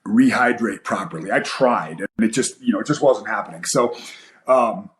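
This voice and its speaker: A man's voice: lowish voice, normal speed. A man in his forties, a guest fighter and coach, telling a story in a casual interview with lots of fillers and acted-out quotes. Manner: animated storyteller, acts out quoted voices, many fillers. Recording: echoey room.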